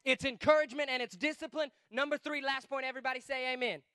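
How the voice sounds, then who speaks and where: A man preaching a guest sermon with emphasis, swinging between shouting and quiet asides. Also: very high-pitched, fairly even intonation, fast talker, clear, resonant tone, no echo.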